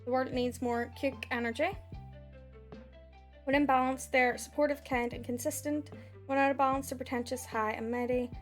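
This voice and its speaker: Giggly high-voiced woman streamer. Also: fairly even intonation, moderate pace, soft background music. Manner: giggly, chatty, swears casually, many fillers. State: sore throat. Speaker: streamer reading oracle cards. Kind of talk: casual live-stream chat.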